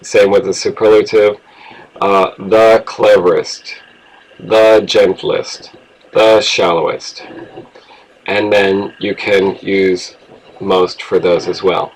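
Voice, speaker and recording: A man's voice: low voice, little pitch movement, takes it slowly, poor audio. A man teaching an English grammar lesson, explaining rules patiently and spelling words out letter by letter.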